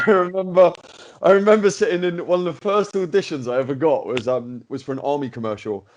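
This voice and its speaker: A man, hosting a podcast and telling an animated personal story in a casual chat. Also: on the high side, a little fast, background noise. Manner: animated anecdote-telling, with many fillers and restarts. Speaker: podcast host.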